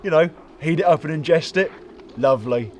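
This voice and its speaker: A man's voice: on the high side, a little fast, a little mellow, slight background noise, close to an everyday voice. A man playing a hesitant, deferential British private. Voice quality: deferential, hesitant, keeps saying sir. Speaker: comedy sketch actor. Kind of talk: comedy sketch acting.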